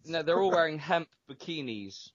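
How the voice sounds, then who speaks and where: A man in a casual podcast chat, making deadpan jokes. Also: a little high, moderate pace, lo-fi sound.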